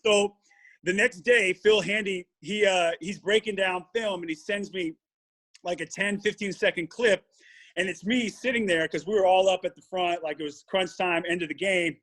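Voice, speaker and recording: A former pro basketball player telling a story on a sports talk podcast, acting out what teammates said. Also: male voice, high-pitched, normal speed. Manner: animated anecdote-telling with quoted dialogue.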